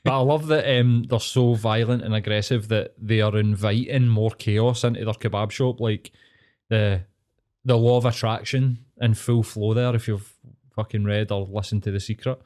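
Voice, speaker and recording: A man with a Glaswegian Scottish accent, co-hosting a podcast, telling stories in a casual, sweary, animated way. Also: on the low side, moderate pace. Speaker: podcast co-host. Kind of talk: casual chat.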